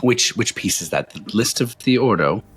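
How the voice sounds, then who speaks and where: Man playing an awkward courteous nobleman, deep, halting. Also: animated, a bit bright, breathy edge. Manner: hesitant and overly courteous.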